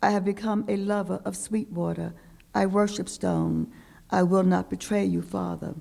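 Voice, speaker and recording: A woman voicing a grieving son who asks his father for forgiveness, earnest and measured. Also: mid-range voice, little pitch movement, creaky, dark tone. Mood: pleading.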